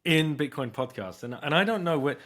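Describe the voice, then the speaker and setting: A man's voice: fairly high pitch, expressive, brisk, fairly bright tone. A man hosting a podcast, chatting in an upbeat, teasing way. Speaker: podcast host. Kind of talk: casual chat.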